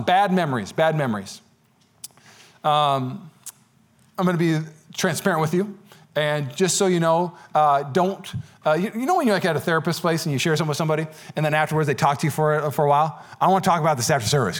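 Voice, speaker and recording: A young man preaching a sermon as pastor, conversational and joking, building into rising repeated appeals. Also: on the high side.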